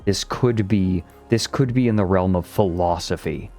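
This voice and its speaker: A man's voice: sits low, normal speed, dark tone, faint music behind. A man streaming, reading a document aloud and picking apart its grammar in a thoughtful, laughing way. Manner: thoughtful, nitpicky, laughing along. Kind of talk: casual analytical stream chat.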